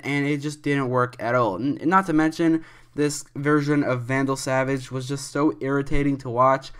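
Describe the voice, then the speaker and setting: Young male commentator, smooth resonant voice, rambling opinionated delivery. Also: medium pitch. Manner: rambling, restarts often, opinionated. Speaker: commentary video host.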